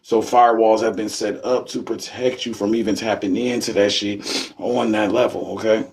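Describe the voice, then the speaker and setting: A man's voice: steady tone, moderate pace. Profane streetwise man teaching on a live stream. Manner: profane, rambling, streetwise slang; acts out drunk people in a high yelling voice.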